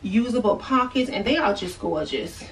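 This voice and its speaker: A chatty woman gushes about her finds in a casual try-on haul, repeating her favorite words. Her voice sits at an ordinary middle pitch. It was caught on a phone camera at home, with faint room noise behind her. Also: animated, normal speed, gravelly, recorded from a distance. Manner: gushing, chatty, repeats herself. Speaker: vlogger. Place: at home, indoors.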